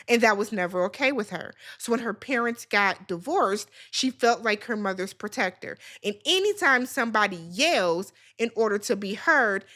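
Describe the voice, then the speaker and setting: A woman's voice: medium pitch, a bit bright. A woman hosting a reality TV recap, talking casually and bluntly, swearing freely as she gives her opinions.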